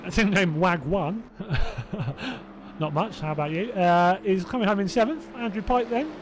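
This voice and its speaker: A man's voice: high-pitched, measured pace, a little hiss or hum. A man from Hertfordshire with a southern English accent commentating a sim race live, chatting and rambling with viewers between calls. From Hertfordshire, England. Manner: chatty and rambling, self-doubting asides, laughing to himself.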